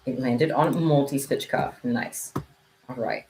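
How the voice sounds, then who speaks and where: Her voice sits extremely low and moves slowly, with a darkish tone and a touch of hiss or hum. She's a young streamer chatting casually while making kandi bracelets at home, meowing at her cat now and then. The room echoes, with faint ambience behind her.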